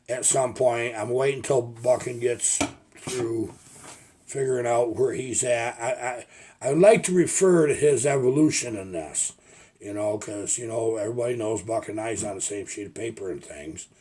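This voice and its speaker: A man's voice: medium pitch, normal speed, dark tone, slight background noise. An older man, a logger turned video maker, telling rambling folksy stories in a casual vlog. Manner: rambling folksy storytelling with restarts. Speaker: retired logger vlogger.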